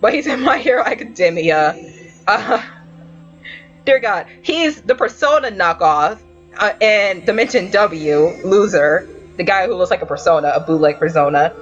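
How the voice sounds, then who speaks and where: A woman's voice: medium pitch, moderate pace, highs cut off, faint music behind. A woman hosting a casual anime review podcast, telling stories with a lot of swearing and laughter. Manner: animated storytelling, frequent swearing and laughter.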